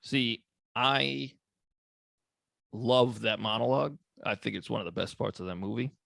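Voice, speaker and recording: A man's voice: medium pitch, normal speed, gravelly, fairly bright tone, dry recording, studio quality. A young man co-hosting a podcast, talking about a movie in laid-back, joking chat, laughing often and swearing freely. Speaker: podcast co-host.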